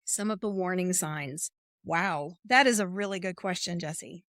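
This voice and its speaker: A woman's voice: fairly low pitch, unhurried, a bit bright, no room sound, studio quality. A woman coach speaking as a podcast guest, explaining ideas expressively and acting out inner voices. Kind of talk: podcast interview conversation.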